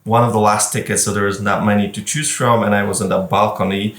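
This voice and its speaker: Low-voiced man in a roomy, distant sound. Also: fairly even intonation, fast talker. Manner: storytelling, chatty, laughs while talking. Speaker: wedding photographer guest. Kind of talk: casual podcast chat.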